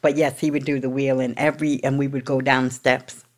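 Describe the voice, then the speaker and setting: A woman's voice: rumbling low, level tone, fairly quick. A middle-aged woman from New York, a guest telling her own story in a blunt, swearing, streetwise way. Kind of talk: candid storytelling.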